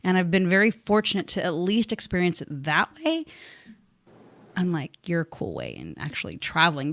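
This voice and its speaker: A woman's voice: lowish voice, no echo. A woman hosting a podcast, chatting casually and rambling a little with fillers. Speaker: podcast host. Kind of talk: casual chat.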